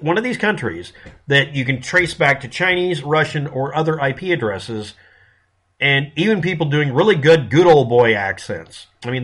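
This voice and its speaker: A man's voice: medium pitch, bright, forceful tone. A man from the United States giving a casual monologue commentary in a blunt, sarcastic manner, with frequent profanity.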